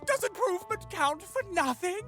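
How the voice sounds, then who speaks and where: An actor playing a hot-tempered male cartoon devil, shrill and frantic, pleading and raging. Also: expressive, normal speed, pushed and bright, heavily acted. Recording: clip with music behind. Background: music.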